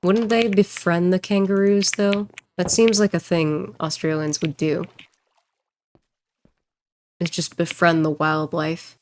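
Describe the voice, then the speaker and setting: A woman streamer and voice actor chatting casually while she plays, rambling and joking and quick to laugh. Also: lowish voice, little pitch movement, slight background noise. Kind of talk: casual livestream chat while gaming.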